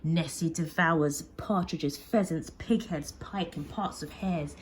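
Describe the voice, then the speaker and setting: A woman's voice: sits low, takes it slowly, slight background noise. A woman teacher reading a picture book aloud with expression, often dropping to a whisper. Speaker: primary school teacher.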